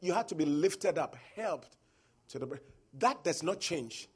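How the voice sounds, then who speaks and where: Lively husky male preacher. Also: a little high, unhurried. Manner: emphatic, rising and falling, quotes scripture. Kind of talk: sermon.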